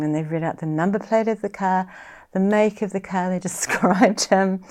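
A middle-aged woman with a New Zealand accent, a guest telling a personal story in an interview in a halting, reflective, soft-spoken way. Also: mid-range voice, fairly even intonation.

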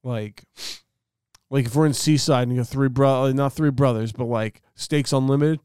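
A man's voice: mid-range voice, normal speed, smooth, dry recording. A young man talks in a loose, rambling way, swearing freely as he spins a story for his co-host. His voice sits in the middle of the range. The sound is dry and close. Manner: rambling storyteller, heavy swearing, animated impressions. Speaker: podcast co-host. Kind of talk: casual chat.

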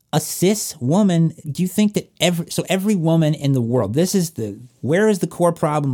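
A man's voice: mid-range voice, dark tone. A middle-aged man in casual conversation, rambling and restarting his sentences, swearing now and then. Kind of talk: casual chat.

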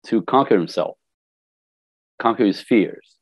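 A man's voice: on the low side, measured pace, no echo. An older man, a life coach, talking casually in an interview and acting out what people say to him. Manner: animated storyteller, acts out quotes. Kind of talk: conversational interview.

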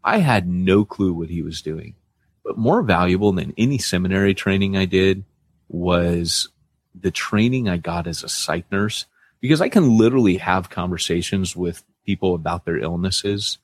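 A man's voice: moderate pace, dry recording. A man co-hosting a podcast in casual chat, telling stories animatedly and acting out other people in a raised voice. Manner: animated storyteller, acts out quoted people in a high voice. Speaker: podcast co-host, church planter.

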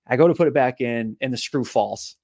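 A man's voice: mid-range voice, a little fast, gravelly, no echo. Guy telling a long story on a podcast, lots of restarts and repeats, dry close mic. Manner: animated storyteller, frequent repeated words. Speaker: guest, physical therapist and author.

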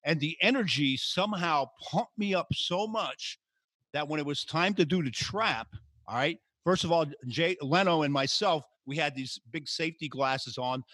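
A man hosting a podcast, telling lively stories and acting out quotes in a raised voice. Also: on the high side, normal speed, no room sound. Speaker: podcast host. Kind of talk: casual storytelling chat.

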